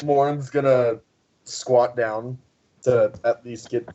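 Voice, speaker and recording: A man playing a tabletop game, describing his character's actions in a slow, hesitant, laid-back way. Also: medium pitch, fairly even intonation, dark tone, highs cut off, slight background noise. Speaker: player.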